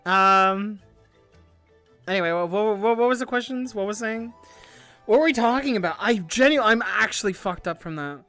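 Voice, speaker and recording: Excitable swearing woman streamer. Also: mid-range voice, moderate pace, soft background music. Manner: rambling and excitable, swears a lot and laughs often. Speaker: VTuber livestream host. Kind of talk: casual livestream chat answering viewer questions.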